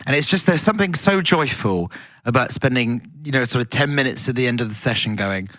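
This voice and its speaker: A man's voice: medium pitch, animated, brisk, a bit bright, no room sound, studio quality. A man chatting as a podcast guest, giggly and theatrical, often slipping into silly voices. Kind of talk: casual chat.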